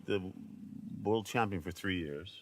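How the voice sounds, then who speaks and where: An American man chatting casually on a podcast, rambling through stories with many restarts and quick asides. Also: low voice, slight background noise. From United States.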